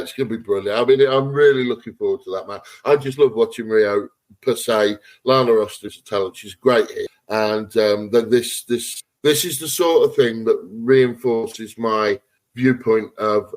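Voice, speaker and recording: A man's voice: lowish voice, unhurried, rough recording. A man co-hosting a wrestling podcast, giving blunt, rambling opinions in casual chat. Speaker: podcast co-host.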